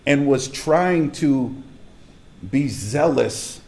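A man's voice: mid-range voice, very slow, a little mellow. A man preaching a casual, conversational sermon as a pastor, speaking emphatically and straight to his congregation in a church hall.

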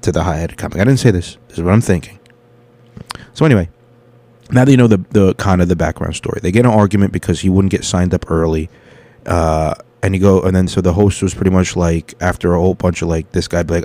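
A man's voice: sits low, fairly quick, dark tone. A man hosting a podcast, telling a rambling, profane story in a casual monologue and acting out the people in it. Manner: rambling, profane, quotes people in his stories. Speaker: podcast host and stand-up comic.

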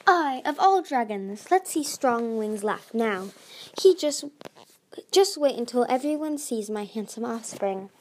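Brief: cool, boastful large male dragon, voiced by a woman, a touch high. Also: lively intonation, unhurried, darkish tone, slight background noise. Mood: proud. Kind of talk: amateur audiobook reading.

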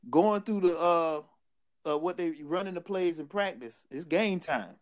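A podcast co-host talks in casual chat with a fairly high pitch and a slightly slow pace. He speaks emphatically in street slang and laughs often, as if preaching to a friend.

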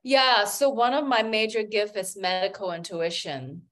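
A woman's voice: mid-range voice, moderate pace, fairly bright tone. A woman working as an acupuncturist and healer, telling stories as a guest in a casual interview, with many "you know" fillers.

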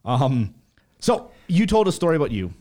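A man's voice: fairly high pitch, very animated, normal speed, warm tone. A man co-hosting a podcast in casual chat, teasing his co-host with joking banter.

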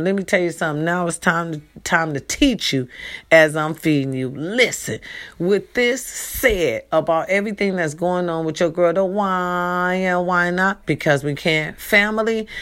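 A woman's voice: fairly low pitch, fairly bright tone. A middle-aged woman talking straight to her followers in a casual vlog, emphatic and repetitive, preaching and pleading in turns. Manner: emphatic, repetitive, preachy, calls viewers baby and y'all. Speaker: vlogger appealing to followers. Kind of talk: direct-to-camera casual appeal.

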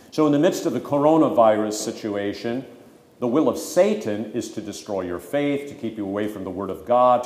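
A man's voice: mid-range voice, darkish tone. A pastor teaching the catechism to his congregation, stressing key words for emphasis and breaking off for folksy asides. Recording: echoey hall with long reverb.

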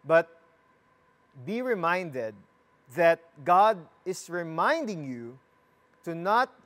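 Slow, deliberate preacher. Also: medium pitch, big pitch swings, fairly bright tone. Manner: slow, deliberate delivery with repeated phrases; asks the listeners questions and jokes with them. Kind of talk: sermon with scripture reading.

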